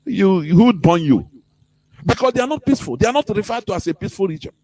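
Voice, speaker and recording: A man's voice: sits high, big pitch swings, fast, mellow. A man with a Nigerian English accent giving an impassioned political talk as a radio host, full of rhetorical questions. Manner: preaching, rhetorical questions, acts out quoted voices.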